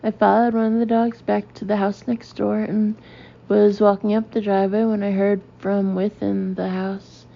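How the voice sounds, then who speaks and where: A woman narrating a comic memoir audiobook in a dry, deadpan way. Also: medium pitch, moderate pace, gravelly, muffled recording.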